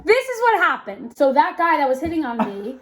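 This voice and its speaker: A young adult woman with a slightly raised voice hosts a casual podcast. She tells a personal story in an animated, gossipy way. She keeps breaking into laughter and leans on plenty of casual fillers. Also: high voice, a little hiss or hum. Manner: animated, chatty, quick to laugh, many fillers. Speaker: podcast host.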